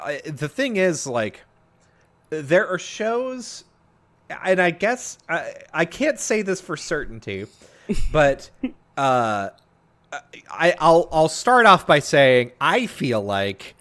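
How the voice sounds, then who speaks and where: A man co-hosting a podcast in casual, animated chat, swearing freely and dropping quick impressions. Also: fairly high pitch. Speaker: podcast co-host.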